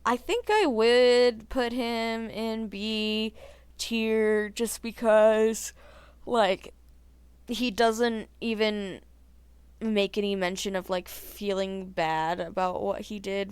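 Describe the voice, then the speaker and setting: A woman talks straight into the camera in a loose, chatty vlog, her voice smooth and clear. She keeps saying "like" and laughs at her own opinions. The sound is close and dry, with no room around it. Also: medium pitch, slow, no room sound. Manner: chatty and animated, heavy use of "like". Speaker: vlogger.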